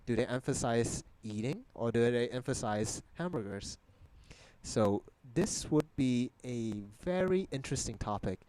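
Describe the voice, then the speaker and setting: A man's voice: mid-range voice, lively intonation, unhurried, darkish tone, smooth, no echo, low-quality recording. A young man from Malaysia, a native Mandarin speaker, hosting a video-call session and explaining ideas in English with rhetorical questions. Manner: lecturing, asks the audience rhetorical questions. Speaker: host.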